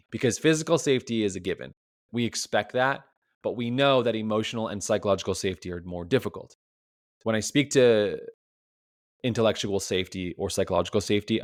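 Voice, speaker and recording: A man's voice: lowish voice, no echo, clean studio sound. A man as a relationship coach, giving a reflective solo podcast talk full of rhetorical questions, often tagged with "right?".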